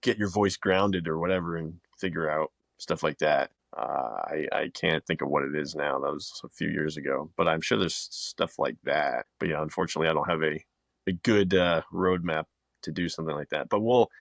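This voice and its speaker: A man with a very deep voice talks on a podcast. He rambles in a relaxed way, looping back and hunting for the right word. He is recorded dry and close. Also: normal speed, vocal fry, dry recording. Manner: relaxed, rambling, many restarts and fillers. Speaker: podcast co-host, video producer. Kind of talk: casual podcast chat.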